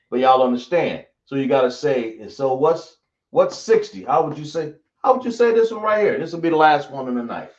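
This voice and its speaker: A man's voice: fairly high pitch, lively intonation, moderate pace. A man teaching a Hebrew class, quizzing his students and often correcting himself. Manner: drawling, self-correcting, asks the class questions. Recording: echoey, dull lo-fi room recording.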